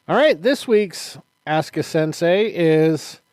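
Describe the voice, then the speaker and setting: A man's voice: a little high, lively intonation, slow pace, a little mellow, slight background noise. A man co-hosting a casual podcast, telling stories animatedly, acting out quotes and laughing often. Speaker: podcast co-host, martial arts instructor. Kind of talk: casual chat.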